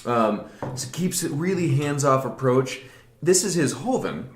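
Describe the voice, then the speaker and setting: A man's voice: mid-range voice, measured pace. Enthusiastic man tasting wine, echoey room. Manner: enthusiastic, animated, with laughter. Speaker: wine show co-host. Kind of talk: casual wine tasting chat.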